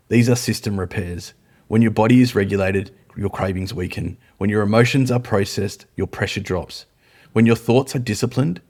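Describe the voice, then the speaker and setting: A man's voice: fairly low pitch, darkish tone. A man hosting a recovery podcast, speaking in firm, declarative, punchy statements. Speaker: podcast host. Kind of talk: motivational podcast monologue.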